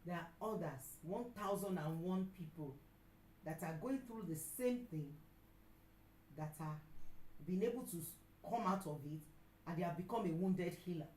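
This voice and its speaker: A middle-aged Nigerian woman preacher and counselor giving an emphatic sermon. She repeats her key lines and sometimes breaks into loud outbursts. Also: lowish voice, moderate pace, reverberant, slight background noise, poor audio. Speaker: pastor and counselor.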